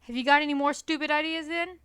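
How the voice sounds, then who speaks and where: A woman's voice: high voice, fairly even intonation, fast talker, pushed and bright. A woman voicing a small, pot-bellied, snide farmer in a storybook read-aloud.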